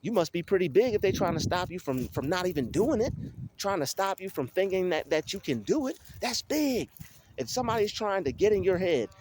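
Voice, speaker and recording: A man's voice: sits high, sing-song, fairly quick, darkish tone, slight background noise. A man talking in a casual motivational monologue, emphatic and repetitive, like he is preaching. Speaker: motivational vlogger.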